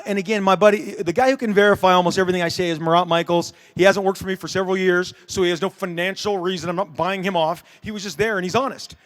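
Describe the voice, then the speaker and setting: A man's voice: sits high, fairly bright tone. A middle-aged man on a convention panel telling a story in casual, rambling style, full of fillers and restarts, acting out the people he quotes. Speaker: comic creator on a convention panel.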